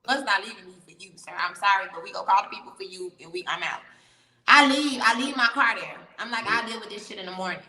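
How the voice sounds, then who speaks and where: A woman telling a story as an interview guest, animated and profane, laughing often. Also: mid-range voice, quick pace, echoey room, long reverb tail, rough recording. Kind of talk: casual storytelling.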